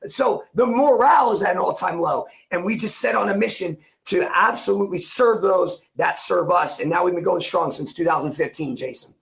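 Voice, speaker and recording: A man's voice: high-pitched, moderate pace, vocal fry, few pauses, fairly bright tone. A man in his forties from New Jersey, a coach telling an emotional personal story as a podcast guest, intense and repetitive, acting out the lines he quotes. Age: 40s.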